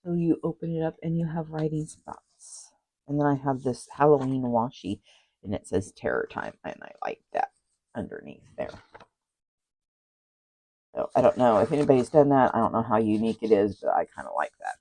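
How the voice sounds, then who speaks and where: With a very deep, warm and expressive voice at a moderate pace, this woman crafter shows off a handmade journal. She chats casually, rambling with asides and apologies, in a low-quality recording.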